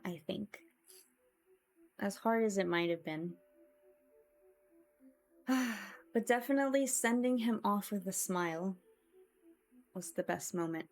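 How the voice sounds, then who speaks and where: A woman streamer chatting with her viewers in a casual, emotional and reflective way, often sighing. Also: medium pitch.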